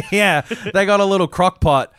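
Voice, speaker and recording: A man's voice: high voice, huge pitch swings, a little slow, a bit bright, no room sound, studio quality. A man co-hosting a casual podcast, recapping TV episodes and swearing freely as he paraphrases scenes. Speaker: podcast co-host.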